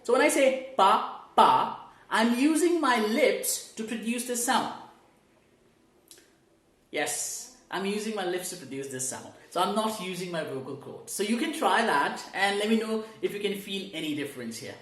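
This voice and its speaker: A woman's voice: medium pitch, animated, normal speed, roomy sound. A woman training learners in English pronunciation, explaining step by step, asking rhetorical questions and modeling sounds aloud for them to repeat. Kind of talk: online teaching lesson.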